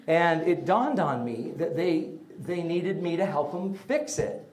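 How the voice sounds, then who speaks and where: Middle-aged guy doing a funny parenting talk, high voice, bouncy and animated. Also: unhurried, few pauses. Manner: animated, comic, with shouted bursts and mock voices. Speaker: speaker giving a talk on parenting. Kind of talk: humorous storytelling talk to an audience.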